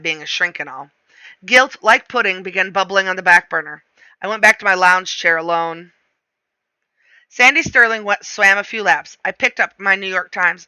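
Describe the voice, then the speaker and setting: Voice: medium pitch, pushed and bright, no room sound. A reader narrating a novel aloud in the first person, with a wry, self-mocking delivery.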